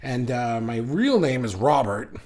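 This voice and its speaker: A man's voice: mid-range voice, big pitch swings, a little slow, a little mellow. A man hosting a casual livestream, chatting in a rambling way and reading viewer comments aloud. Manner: rambling and chatty, with frequent restarts. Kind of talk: casual live chat.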